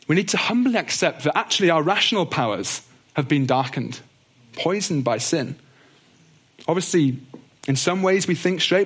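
Earnest, gentle man teaching the Bible. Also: fairly high pitch. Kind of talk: teaching talk on doctrine.

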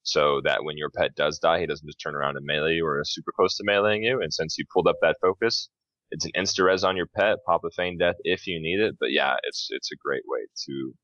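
A man with a very deep yet bright, forceful voice chats about games at a quick clip. His talk is emphatic and full of casual slang. The recording sounds dull and lo-fi. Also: dry recording. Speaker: podcast co-host. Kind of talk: casual gaming chat.

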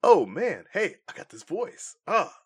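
A man's voice: high-pitched, huge pitch swings, unhurried, husky, voice pushed up, full character voice. A man voicing Mario stranded in the real world, who talks in a plain, jokey way. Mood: goofy. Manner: exaggerated, jokey.

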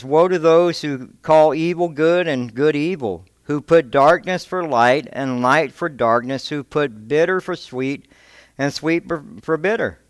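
A man's voice: clean tone, no room sound. A man preaching a sermon as a pastor, impassioned, often repeating words as he builds his points. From Texas, United States. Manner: impassioned, rising in pitch and force when quoting God; repeats words and restarts phrases. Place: church.

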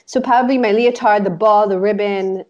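On a muffled recording, a woman speaks at normal speed in a steady, medium-pitched voice with a darkish tone. She's an Israeli life coach chatting as a guest, giggling and rambling through memories, with "like" peppered throughout.

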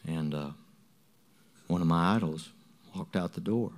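A church member gives spoken testimony to a congregation. He is a low-pitched man who speaks in a halting, earnest way, with many restarts and repeated words.

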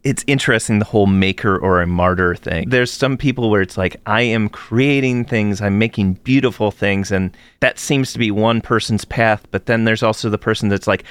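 Smooth, dry-sounding male interviewer. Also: on the low side, no room sound. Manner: curious, thoughtful, halting restarts. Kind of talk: interview conversation.

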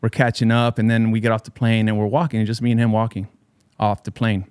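A man's voice: on the low side, little pitch movement, a little fast, darkish tone, clear, resonant tone, dry recording, clean studio sound. A man and DJ telling a story in casual chat with friends, loose and profane with bro slang.

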